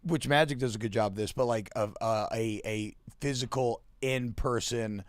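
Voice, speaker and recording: A man's voice: medium pitch, normal speed, no room sound. A young man from Louisiana chatting casually as a guest, rambling with lots of fillers and restarts. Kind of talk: casual chat.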